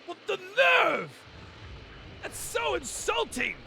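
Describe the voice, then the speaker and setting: A man imitating a brash, arrogant male cartoon warrior in a breathy, half-yelled, indignant voice. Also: very high voice, wildly swooping pitch, slow pace, a little hiss or hum, voice pushed up, heavily acted.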